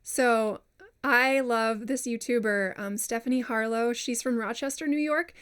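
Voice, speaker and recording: A woman's voice: fairly high pitch, steady tone, a little slow, a bit bright, smooth. A woman voiceover coach giving a casual lesson, chatty and self-deprecating, who says example words aloud to demonstrate them. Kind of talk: casual instructional talk.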